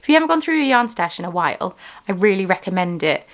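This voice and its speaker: A woman's voice: on the low side, sing-song, fast. A woman running a small craft business, talking in a chatty, rambling way with lots of ums in a casual vlog. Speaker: small business owner and vlogger.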